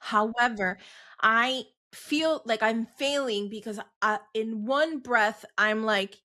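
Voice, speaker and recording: A woman's voice: on the high side, a little slow, sharp tone. A woman co-hosting a podcast, casually and candidly telling a family story and acting out the dialogue. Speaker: podcast co-host. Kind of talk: casual chat.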